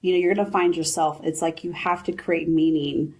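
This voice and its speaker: A woman in her forties, a business founder, chatting in an interview and retelling advice in lively quoted voices. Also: deep voice, fairly quick. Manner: animated storyteller, quotes her mother. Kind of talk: casual interview chat.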